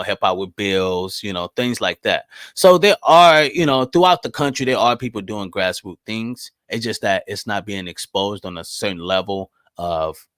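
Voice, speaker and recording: A man in his thirties hosting a podcast alone, answering live chat in blunt, profane talk that jumps loud and high when he gets riled. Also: no echo. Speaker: podcast host. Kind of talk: casual solo commentary reading live chat.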